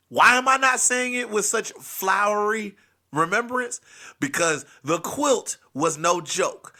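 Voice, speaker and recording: A man hosting a comedy podcast, spinning a funny family story with big emphatic swings. His voice is raised and bright with a gravelly rasp, and it rises and dips freely as he builds each joke. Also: on the high side. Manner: animated, emphatic, dramatic swings in loudness. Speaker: podcast host.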